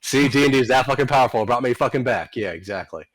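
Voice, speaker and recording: A man playing in a tabletop game, telling stories in an animated way and swearing freely while chatting with friends. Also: mid-range voice, rapid-fire, slight background noise. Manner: profane, animated storyteller. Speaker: player. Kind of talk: casual chat at a tabletop game.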